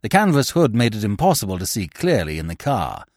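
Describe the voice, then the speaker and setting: A man narrating a classic novel as podcast host in an expressive, theatrical storytelling manner. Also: on the low side, brisk, no room sound, clean studio sound. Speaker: audiobook narrator. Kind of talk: scripted dramatic narration.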